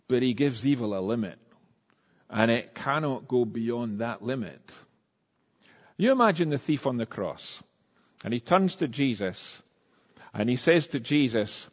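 A man preaching a sermon in a conversational, animated way, acting out the quotes he tells. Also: medium pitch. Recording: dull sound with long reverb in a church hall.

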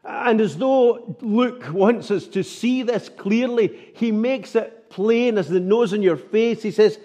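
A man's voice: high voice, slow pace, hardly any pauses, dark tone, dull audio. A man preaching a sermon, earnest and full of rhetorical tag questions.

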